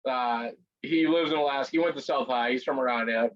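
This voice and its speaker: A man's voice: medium pitch, fairly quick. A man co-hosting a podcast in casual chat, reacting with eager laughs and short enthusiastic replies. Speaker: podcast co-host. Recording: dull lo-fi sound.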